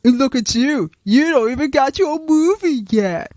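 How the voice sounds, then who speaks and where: Cocky male superhero voice, bragging, lively pitch, put on by a woman. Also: a little slow, dry recording. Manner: bragging, taunting. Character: boastful male sea superhero.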